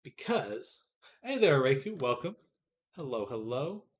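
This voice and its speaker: A streamer talks through their work on a live stream in a casual, easygoing way. They drift between quiet muttering to themself and friendly chatter with viewers. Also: mid-range voice, very animated, a little slow, husky. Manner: mutters to self while working, chatty with viewers. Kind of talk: live-stream commentary while working.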